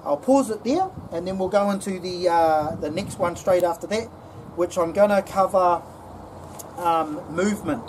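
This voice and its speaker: A woman's voice: lowish voice, normal speed, darkish tone. A woman giving a casual security training demonstration, often checking in with "okay?". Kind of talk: instructional demonstration. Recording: distant mic with background noise.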